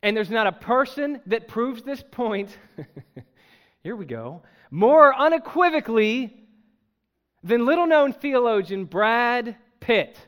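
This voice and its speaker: A pastor delivering a sermon to his congregation, emphatic and animated, with joking asides. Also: very high-pitched, slow pace, smooth. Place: church.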